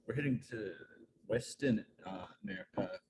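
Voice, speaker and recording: A New man from a band chats and jokes over a video call. His voice rises and falls in a lively way. Clear noise hisses behind him. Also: mid-range voice, moderate pace. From New Zealand. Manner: playful, joking. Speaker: band member. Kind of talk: casual interview chat.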